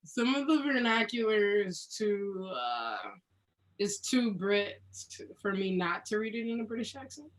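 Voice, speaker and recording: A young woman from Providence, an acting student, chatting quietly and hesitantly on a video call from her bedroom. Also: mid-range voice, lively intonation, unhurried. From Providence, Rhode Island. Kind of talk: casual video-call chat. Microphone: laptop on a video call.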